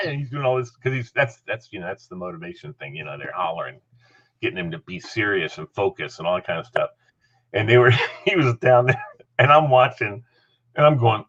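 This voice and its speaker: Lively middle-aged man telling a story. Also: fairly low pitch, normal speed, lo-fi sound. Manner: animated, laughing, acts out voices. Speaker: host. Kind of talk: casual storytelling chat.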